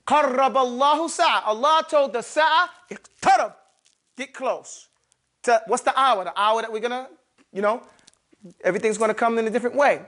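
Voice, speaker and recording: A man's voice: extremely high pitch, a bit bright. Man, teacher, classroom lesson, repetitive drilling, checks understanding often. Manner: repetitive, checks understanding with "okay?" and "you follow me?". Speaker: Arabic grammar teacher. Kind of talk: classroom lesson, explaining at a board.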